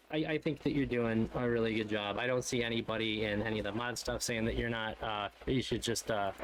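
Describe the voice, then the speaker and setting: Halting, easygoing young man on a call. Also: lowish voice, a little hiss or hum. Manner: halting, many fillers and restarts, swears casually. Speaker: interviewer. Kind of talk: casual chat.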